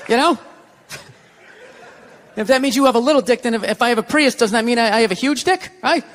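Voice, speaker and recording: An American man doing a stand-up routine, ranting and breaking into shouted outbursts. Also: extremely high pitch, a little fast. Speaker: stand-up comedian. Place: theater stage. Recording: live venue reverb.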